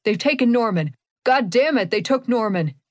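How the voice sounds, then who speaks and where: A woman's voice: on the low side, no echo, close to an everyday voice. A furious, bloodied priest who swears and barks out urgent demands, as a woman narrator voices him. The voice sounds dry and close, with no room sound behind it. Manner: shouting, cursing, hurried.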